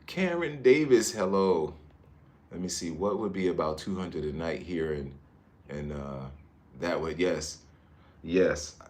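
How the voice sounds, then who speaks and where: A man from Newark, New Jersey, livestreaming casually from a high-rise hotel room on his phone and chatting with viewers about their comments. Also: lively intonation, measured pace, a little mellow. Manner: laid-back, chatty, drifts between comments. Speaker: livestream vlogger.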